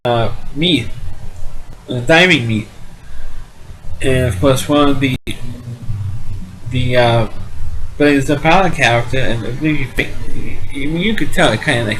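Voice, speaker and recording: A man's voice: medium pitch, rough recording. A man casually retelling a comedy film's scenes, rambling with frequent restarts and fillers. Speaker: amateur movie reviewer. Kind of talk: casual movie recap.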